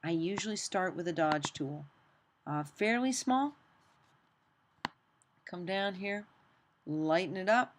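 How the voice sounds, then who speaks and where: A woman teaching a screen-recorded software tutorial, chatty and self-deprecating as she talks while working. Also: on the low side, takes it slowly, long pauses, slight background noise.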